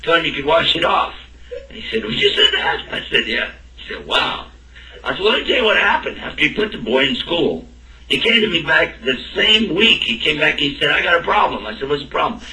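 A man's voice: on the high side, big pitch swings, fairly quick, pushed and bright. A man telling a personal story in a talk, acting out both sides of the dialogue. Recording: roomy and distant from the mic.

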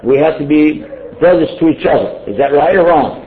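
A man's voice: fairly high pitch, a little fast. A man giving an informal sermon, joking and putting questions to his listeners. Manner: conversational and joking, asks the audience questions. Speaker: Muslim preacher. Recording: tinny phone-like sound with faint noise.

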